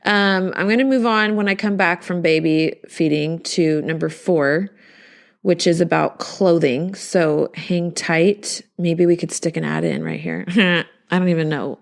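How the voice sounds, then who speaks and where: A woman's voice: fairly low pitch, measured pace, vocal fry. A sleep-deprived woman in her thirties hosting a podcast in casual chat, rambling with restarts and frequent laughs. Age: 30s. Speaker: podcast host.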